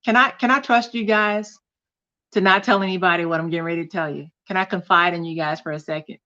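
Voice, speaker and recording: A woman's voice: fairly low pitch, fairly even intonation, fast talker, sharp tone, dull audio. A woman hosting a casual livestream chat, talking in a confiding way to viewers and reading out their comments. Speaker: host.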